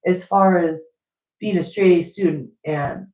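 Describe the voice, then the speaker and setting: A woman in her fifties giving a blunt, rambling spiritual monologue, with mild swearing and sudden high-pitched quoted voices. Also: fairly even intonation, normal speed, darkish tone. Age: 50s. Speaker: spiritual vlogger. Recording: echoey room.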